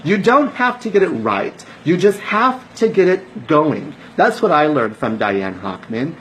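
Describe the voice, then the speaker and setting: A man's voice: fairly high pitch, very animated, unhurried, slight background noise, poor audio. A man, a network marketer, giving a casual motivational talk to his team, emphatic and preachy, repeating phrases for stress.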